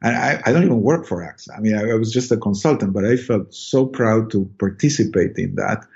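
A middle-aged man, a podcast guest, telling a personal story in casual talk, halting and repeating words with many ums. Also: lowish voice, gravelly, darkish tone, dull audio.

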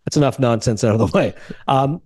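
A man hosting a casual movie podcast, telling stories quickly and acting out the people he quotes. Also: mid-range voice, no room sound, studio quality. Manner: fast, animated storytelling with quoted voices. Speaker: podcast host.

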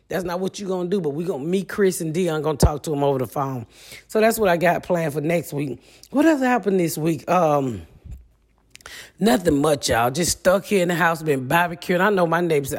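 A woman's voice: on the low side, husky. A woman in her forties with a Midwestern US accent, hosting a podcast in a brash, profane, comic solo monologue. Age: 40s. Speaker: podcast host.

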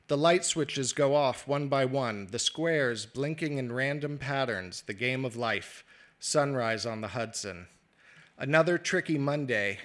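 A man reading his own prose aloud at a live literary reading, measured and wry. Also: mid-range voice, fairly bright tone.

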